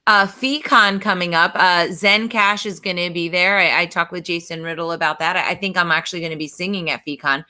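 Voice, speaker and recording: A woman's voice: fairly low pitch, sharp tone. A woman hosting a podcast, chatty and upbeat, teasing her guests. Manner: chatty and upbeat, quick to tease. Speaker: podcast host. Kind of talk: casual chat.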